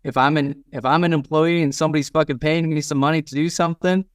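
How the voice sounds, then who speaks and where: A man's voice: on the high side, fairly even intonation, fast talker, clean tone, no echo, studio quality. A man hosting a casual business interview, talking bluntly, cursing now and then, and acting out what people say. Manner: blunt, swears casually, quotes people in little acted lines. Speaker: podcast host.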